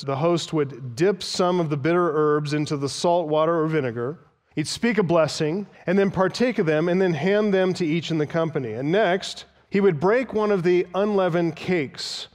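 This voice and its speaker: A man preaching an expository sermon in a reverberant church hall, his voice pitched a little high for a man. He speaks with emphasis, pausing to explain key terms and quote older sources. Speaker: pastor.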